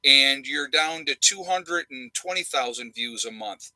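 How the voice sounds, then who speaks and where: A man's voice: medium pitch, lively intonation, unhurried, pushed and bright, no room sound, low-quality recording. A man hosting a casual livestream chat from home, blunt and sarcastic, rambling with lots of uhs and ums. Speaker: channel host. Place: home room with a fan.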